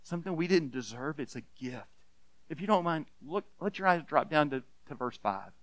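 A man preaching a sermon as pastor, earnest and emphatic, often restarting with repeated words and dropping to a hush on key points. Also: on the high side, expressive, moderate pace, no echo. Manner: earnest, repeats words when restarting, swings between loud emphasis and hushed softness.

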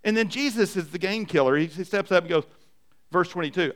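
A man's voice: fairly high pitch, brisk. A middle-aged man, a pastor, preaching an emphatic, story-driven sermon. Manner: emphatic, animated storytelling with repetition.

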